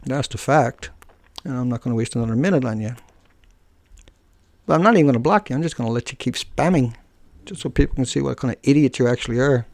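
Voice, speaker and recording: Gravelly, combative man ranting on camera. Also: mid-range voice, quick pace, long pauses, a little mellow, dry recording. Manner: combative, scornful, jumps from rant to joking asides. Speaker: video blogger. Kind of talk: live-streamed rant to viewers.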